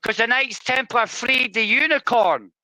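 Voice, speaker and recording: A Scottish man with a high, bright, forceful voice rambles through loose panel talk and swears freely. The sound is dry and close, as on a video call. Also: a little slow, no room sound, poor audio. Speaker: stream host. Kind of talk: rowdy casual panel chat.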